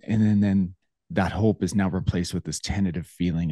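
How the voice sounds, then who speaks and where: A man's voice: deep voice, steady tone, moderate pace, mellow, dry recording, studio quality. A man hosting a podcast in casual interview chat, earnest and affirming as he reflects on a guest's story. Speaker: podcast host.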